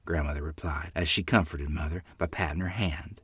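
Male storyteller, expressive, dry close sound. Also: extremely low pitch, normal speed, few pauses, husky, dry recording. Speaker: narrator. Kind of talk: storytelling memoir narration.

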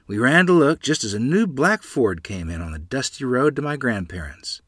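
A man's voice: mid-range voice, sing-song, moderate pace, a bit bright, breathy edge, no room sound, studio quality. A man reading a rural family memoir aloud as storyteller, voicing the people in it.

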